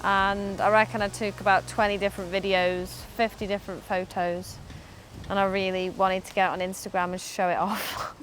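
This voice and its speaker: Woman cricketer chatting in an interview, upbeat, laughs a lot, mid-pitched voice, music playing behind. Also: level tone, moderate pace. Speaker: professional cricketer. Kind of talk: candid interview answers. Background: background music.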